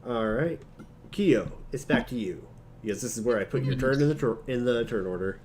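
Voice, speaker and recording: A man narrating as game master of a tabletop game, calmly explaining rules and reacting with dry remarks. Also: mid-range voice, normal speed, noisy background.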